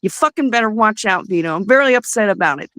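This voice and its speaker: A woman's voice: mid-range voice, lively intonation, fast talker, no echo. A woman co-hosting a talk show, ranting angrily and profanely with heated outbursts. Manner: profane, heated, shouting bursts. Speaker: podcast co-host. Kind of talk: angry ranting commentary.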